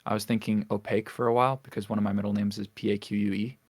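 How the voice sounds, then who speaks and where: A young man co-hosting a podcast speaks very fast in a fairly low, flat voice with no echo. In this casual chat he rambles, with lots of fillers and restarts.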